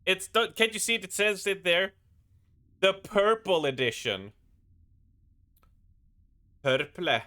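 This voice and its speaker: A man's voice: high voice, big pitch swings, takes it slowly, pauses often, pushed and bright. A male streamer chatting casually with his viewers during a live game stream, joking and rambling as he goes. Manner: joking, rambling, often laughing at himself. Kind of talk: casual live-stream chat while gaming.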